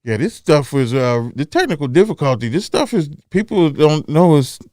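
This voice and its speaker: A man's voice: on the high side, very animated, normal speed, mellow, no echo. Laid-back, slangy podcast host man. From Cincinnati. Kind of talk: casual podcast chat.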